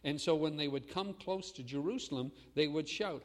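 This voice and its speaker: A man preaching a sermon as pastor, swinging between loud proclamation and hushed asides. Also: a little high, normal speed, in a large hall.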